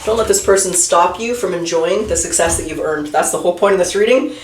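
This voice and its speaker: A woman's voice: on the low side, quick pace, reverberant, a little hiss or hum. A woman giving a casual tarot reading and talking straight to the viewer, often trailing off and restarting her sentences. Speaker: tarot reader.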